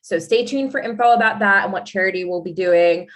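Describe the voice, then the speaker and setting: A woman's voice: mid-range voice, brisk. Joking, teasing young woman co-host. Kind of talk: casual podcast chat.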